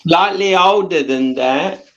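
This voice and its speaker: Slow-talking man with a resonant voice. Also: on the high side, a bit bright, lo-fi sound. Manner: dry, joking. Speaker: guest on a call. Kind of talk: casual chat. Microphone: phone.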